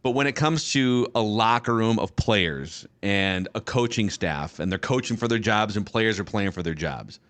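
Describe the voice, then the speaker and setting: A man hosting a football podcast, asking questions in a teasing, quick-witted way. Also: fairly low pitch, lively intonation, a bit bright. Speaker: podcast host. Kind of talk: casual podcast chat.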